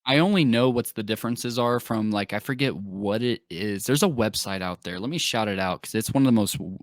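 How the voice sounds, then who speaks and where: A man's voice: on the low side, a little fast, no room sound, studio quality. A man co-hosting a casual film review podcast, talking enthusiastically with plenty of fillers. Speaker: podcast co-host.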